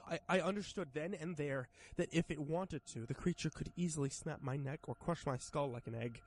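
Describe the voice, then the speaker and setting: A male streamer narrating a first-person horror story in a steady voice with small stumbles. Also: a little high, a little fast, few pauses, slight background noise. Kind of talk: horror story narration while modding a game.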